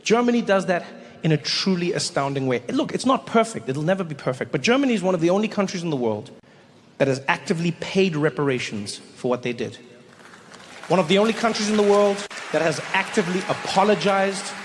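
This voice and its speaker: Animated male stand-up comedian in a hall. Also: high-pitched, brisk. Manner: animated, conversational storytelling, rising into shouts. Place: theatre stage. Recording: reverberant hall with faint noise.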